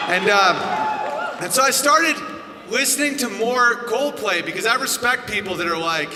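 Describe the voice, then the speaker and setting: A male stand-up comedian on a loud, profane rant who often breaks into shouting. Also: high-pitched, animated, normal speed, a crowd in the background. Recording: echoey hall, music behind.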